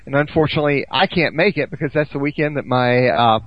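A man's voice: a little high, quick pace, dry recording, dull audio. A middle-aged man co-hosting an interview, easygoing, asking questions with small restarts. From US South.

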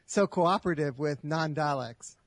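A man co-hosting a podcast who talks in a hesitant, halting way. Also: on the high side, over a noisy crowd. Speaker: podcast co-host. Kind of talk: casual chat.

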